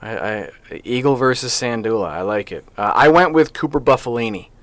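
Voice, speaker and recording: A man's voice: mid-range voice, lively intonation, brisk, fairly bright tone, no echo. A man co-hosting a local sports podcast in casual chat, rambling and playful as he talks through his picks. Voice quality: chatty, rambling, playful about names. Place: small podcast studio.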